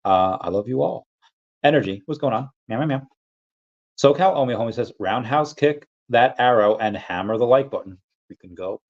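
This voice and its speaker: A man's voice: mid-range voice, animated, a little fast, highs cut off. A man hosting a casual livestream, rambling through his points and reading out viewer comments. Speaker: livestream host.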